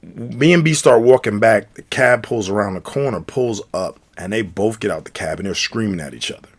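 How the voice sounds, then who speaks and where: A young man casually telling a personal story, animated and slipping into quoted voices. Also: fairly low pitch. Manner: animated, acts out quoted voices with quick shifts.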